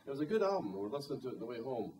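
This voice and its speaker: A man's voice: mid-range voice, sing-song, very fast, mellow, slight background noise. A male singer-songwriter telling a rambling, wry story between songs at a live gig, with plenty of "you know". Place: live music venue. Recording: distant live gig recording.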